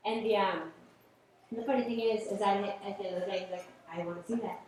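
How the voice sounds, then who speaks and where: A woman's voice: mid-range voice, steady tone, brisk, a little mellow, recorded from a distance, slight background noise. A woman in her late thirties doing a live stand-up set on stage, chatty and self-deprecating with lots of fillers and asides. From Boston area. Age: late 30s. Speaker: stand-up comedian. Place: comedy club stage. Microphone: stage microphone. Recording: roomy live-stream audio from afar.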